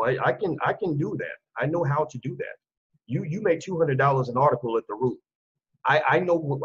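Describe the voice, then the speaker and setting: A man hosting his own channel, talking in a combative, animated commentary monologue. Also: medium pitch, breathy edge, muffled recording. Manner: animated and combative, acts out quoted voices. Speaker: channel host.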